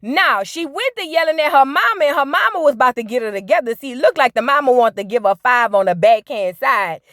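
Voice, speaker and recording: A woman's voice: sits high, lively intonation, fairly quick, a bit bright, no echo, clean studio sound. A woman hosting a casual reality TV recap vlog, sassy, gossipy and full of slang.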